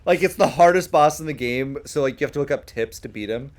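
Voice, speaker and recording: A man's voice: mid-range voice, fairly quick. A young man chatting on a game stream, rambling and hesitant with lots of fillers. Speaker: stream guest. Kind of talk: casual stream chat.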